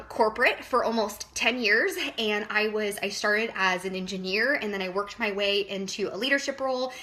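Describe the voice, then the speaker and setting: A woman's voice: fairly high pitch, sharp tone. A woman in her thirties, a wellness business coach, talking casually and emotionally on a live stream, nervous and chatty with lots of fillers.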